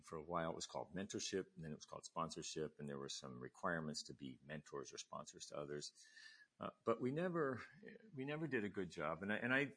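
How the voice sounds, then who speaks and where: An older man, a retired admiral, talking in a low, husky voice with a bright, forceful edge. He tells his story as an interview guest and acts out each person he quotes, pushing his pitch up high for them. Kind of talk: storytelling in conversation.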